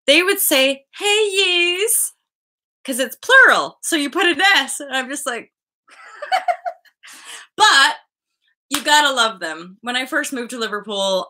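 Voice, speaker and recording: Bright-voiced, chatty woman host. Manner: chatty, rambling, bursts into high excited asides. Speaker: host of a spiritual livestream. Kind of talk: casual chat with live viewers.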